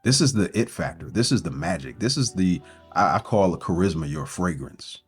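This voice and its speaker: A man with a very deep, low voice talks as a breakup coach, earnest and encouraging, and drives his points home with one rhetorical question after another. Soft guitar music plays faintly underneath. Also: animated, normal speed, husky. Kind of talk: motivational self-help talk.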